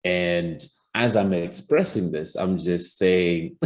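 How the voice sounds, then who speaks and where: This man's voice is low-pitched, and he speaks slowly with few pauses. As a public speaking coach in a recorded presentation lesson, he illustrates his teaching by shifting tone and pace.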